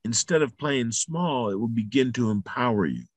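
A man's voice: medium pitch, animated, moderate pace, dry recording. Male motivational speaker, emphatic and repetitive, salty language, dry close sound. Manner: emphatic and repetitive, builds to loud peaks. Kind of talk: motivational talk.

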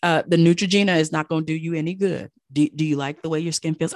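A woman's voice: sits low, steady tone, fast talker, few pauses, darkish tone, dry recording, studio quality. A woman coaching as an esthetician and business host, talking casually and with emphasis, repeating key points. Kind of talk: casual podcast monologue.

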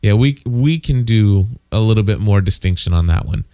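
A man's voice: lowish voice, animated, moderate pace, dark tone, clean tone, no room sound, studio quality. A man co-hosting a casual podcast, reading listener feedback aloud with many fillers and side comments. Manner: reads listener mail aloud with frequent fillers and asides.

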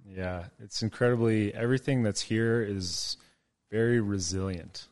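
A man hosting a podcast, chatting in a relaxed way with lots of fillers. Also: on the low side, a little slow, dry recording, studio quality. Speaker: podcast host. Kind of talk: casual podcast interview.

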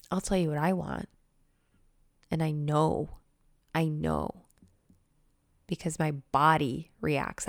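A young woman chatting excitedly in a casual vlog, gushing and swearing casually as a manifestation coach. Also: on the low side, creaky, no room sound, studio quality. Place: new apartment.

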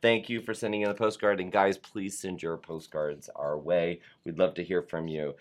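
A man's voice: low-pitched, fairly even intonation, moderate pace. A man hosting a casual live talk show, chatting loosely and reading viewer postcards aloud.

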